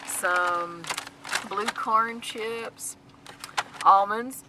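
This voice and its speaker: A woman's voice: mid-range voice, drawn-out words, heavy background noise. A woman chatting casually on a road trip, listing snacks, giggly and fumbling for words. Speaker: travel companion filming. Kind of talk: casual chat. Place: car or camper on a road trip.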